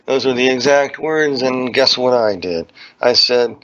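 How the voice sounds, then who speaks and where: An earnest man recounts his personal testimony in a plain, storytelling way, circling back and repeating phrases for weight. His voice sits at an ordinary middle pitch. The recording is dull and lo-fi. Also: unhurried, a bit bright. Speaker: speaker giving a testimony.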